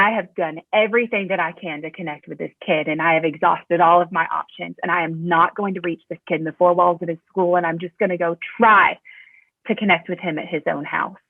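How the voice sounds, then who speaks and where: Woman, assistant principal, animated storytelling, gravelly edge, tinny phone-line sound. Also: fairly low pitch, dry recording. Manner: animated storyteller, fillers, voice jumps up when quoting. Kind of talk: telling a personal story in a podcast interview.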